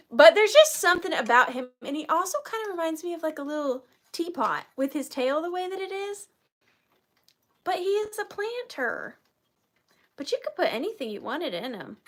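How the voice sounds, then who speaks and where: A woman in her thirties hosting a live vintage sale, chatty and self-deprecating, easily moved to tears. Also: high voice. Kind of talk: chatty live-stream selling.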